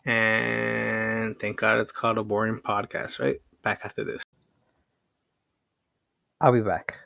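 A man's voice: fairly low pitch, monotone, measured pace, creaky, bright, forceful tone. A man hosting a casual solo podcast, rambling with lots of fillers, restarts and casual swearing. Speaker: podcast host.

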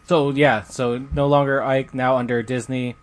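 A man co-hosting a podcast, relaxed and casual, filling pauses with um as he recounts news. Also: mid-range voice. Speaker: podcast co-host. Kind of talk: casual chat.

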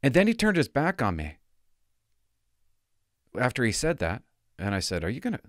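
Candid retired cop rambling through stories. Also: male voice, low-pitched, very animated, normal speed, pauses often, no room sound, clean studio sound. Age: older. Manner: rambling, candid, drifts between loud and hushed. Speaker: retired police officer telling stories. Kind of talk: casual storytelling to viewers.

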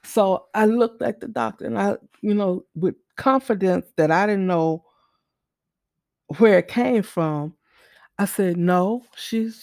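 A woman's voice: medium pitch, slow pace, creaky, a little mellow, no room sound, clean studio sound. A mother telling a faith testimony in an earnest, storytelling way, often repeating and restarting her words. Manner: earnest, repeats and restarts, acts out quoted voices.

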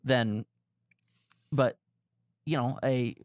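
A Florida pastor in his forties co-hosts a casual church podcast, chatting, telling stories and laughing often. His mid-range voice is steady and darkish, with drawn-out words. The studio-quality recording has no room sound.

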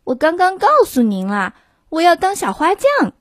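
A woman voicing an eager young boy who starts a plant-care job, speaking in a bright, excited, insistent way. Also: very high voice, moderate pace, no echo, clean studio sound, pitched above the performer's own voice, full character voice.

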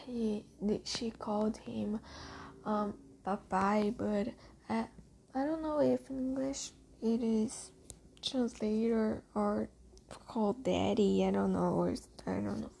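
A woman casually retelling a book's story, halting and searching for words, half whispering and swearing now and then. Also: medium pitch, fairly even intonation, vocal fry, warm tone, a little hiss or hum. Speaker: reader retelling a book.

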